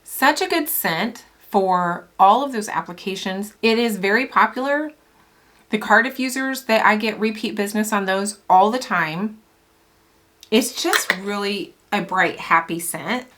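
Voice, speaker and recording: Chatty middle-aged woman vlogger, bright forceful tone, enthusiastic and rambling. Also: mid-range voice, a little slow. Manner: chatty and enthusiastic, with laughs and asides. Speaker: small business owner reviewing fragrance oils. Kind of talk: casual product vlog.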